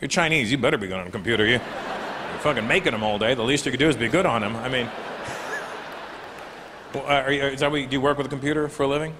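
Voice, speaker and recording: A man's voice: mid-range voice, very fast, long pauses. A man doing a stand-up comedy set, brash and profane, teasing the crowd. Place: live comedy venue with audience. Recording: echoey hall with audience noise.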